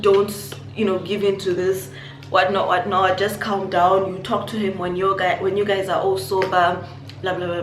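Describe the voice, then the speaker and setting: A young woman from Zimbabwe telling a personal story on her vlog, animated and acting out what people said. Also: lowish voice. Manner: animated storytelling, acts out quotes. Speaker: YouTuber. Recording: echoey room, faint noise.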